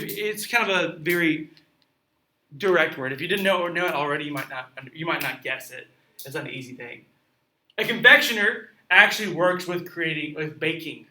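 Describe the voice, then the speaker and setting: Guy teaching a story out loud, high bright voice, asks the class stuff, sounds roomy and far from the mic. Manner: chatty, asks the listeners questions. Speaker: teacher reading and explaining a story. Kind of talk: classroom read-aloud with commentary. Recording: roomy echo, mic at a distance.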